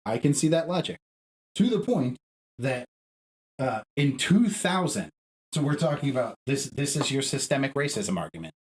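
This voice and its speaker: A fired-up young man on a podcast, swearing freely and pressing his argument hard. His voice sits at a middling pitch for a man but jumps sharply upward when he gets worked up. It sounds like a loose, casual conversation between friends. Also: lively intonation, normal speed, a little hiss or hum, poor audio. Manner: profane, emphatic, arguing with rising pitch. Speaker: podcast co-host. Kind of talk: heated casual podcast rant.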